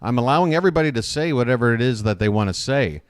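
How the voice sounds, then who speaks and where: Man, mid-pitched, fan play-by-play host, chatty and conversational, close dry sound. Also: lively intonation, rapid-fire, smooth, no echo. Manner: chatty, addresses listeners as folks, frequent uh fillers. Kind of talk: live fan play-by-play and commentary.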